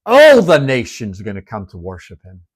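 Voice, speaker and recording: A man teaching the Bible as a sermon, retelling its stories dramatically and dropping to hushed whispers to make his point. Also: medium pitch, wildly swooping pitch, moderate pace, husky. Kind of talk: expressive Bible-study sermon.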